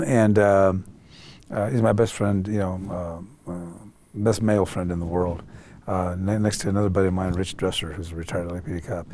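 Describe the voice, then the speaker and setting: An older man, guest in a storytelling interview, tells stories animatedly and acts out other people's voices. He speaks in a low voice at normal speed, with a little hiss or hum in the audio.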